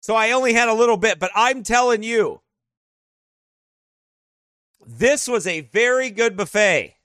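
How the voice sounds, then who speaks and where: A man with a strikingly high, bright voice tells casual stories while flipping through his photos. He is animated, laughs often, and the sound is dry and close. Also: unhurried, dry recording. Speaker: vlogger showing travel photos. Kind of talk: casual storytelling.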